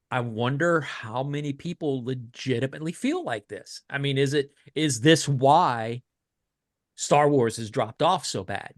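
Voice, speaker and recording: A man's voice: mid-range voice, no room sound. Rambling man on a podcast, dry close mic. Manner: rambling, halting with restarts and sighs. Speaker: podcast co-host. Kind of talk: casual chat.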